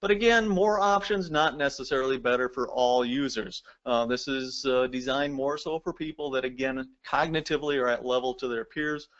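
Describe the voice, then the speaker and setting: A man's voice: mid-range voice, normal speed, few pauses, fairly bright tone, highs cut off. A man giving a recorded lecture, explaining step by step and addressing the viewers directly. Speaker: presenter.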